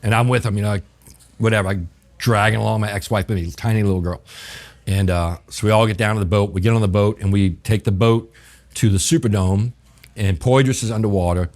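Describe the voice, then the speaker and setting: Low-voiced New man telling stories. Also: steady tone, brisk, darkish tone. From New Orleans, USA. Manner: vivid, profane storyteller acting out dialogue. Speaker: guest chef. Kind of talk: casual storytelling interview.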